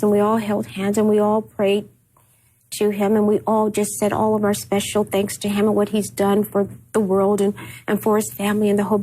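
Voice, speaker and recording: A woman being interviewed, telling personal memories in a halting way and repeating words when upset. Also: mid-range voice, mellow, slightly rough, rough recording. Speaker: interview guest. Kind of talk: emotional personal recollection.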